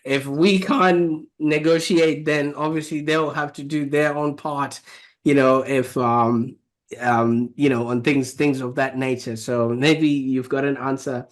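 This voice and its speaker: A man's voice: medium pitch, steady tone, unhurried. A man hosting a podcast, asking long questions that ramble with many fillers and restarts. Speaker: podcast host. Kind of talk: interview questions.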